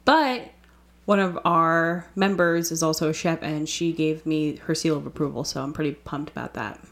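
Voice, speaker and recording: An American woman co-hosting a podcast, chatty and quick to laugh. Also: sits low. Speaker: podcast co-host. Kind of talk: casual podcast chat.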